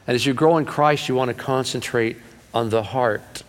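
A man's voice: mid-range voice, moderate pace. Folksy preaching man in a reverberant church. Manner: folksy, animated preaching with acted-out voices. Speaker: pastor. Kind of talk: sermon. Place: church sanctuary. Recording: long reverb of a large hall.

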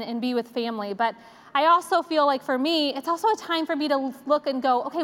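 A woman in her forties speaking at church delivers a conversational sermon, telling stories in a chatty, self-deprecating way. Her voice is high and fairly bright, heard with the long reverb of a large hall.

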